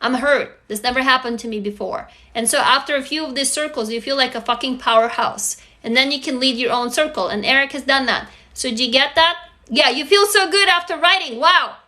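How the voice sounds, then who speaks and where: A woman's voice: high voice, a little fast, bright, forceful tone. A woman in her forties hosting a casual live stream, talking frankly and emphatically, swearing freely and reading viewer comments aloud. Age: 40s. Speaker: live stream host leading a writing group.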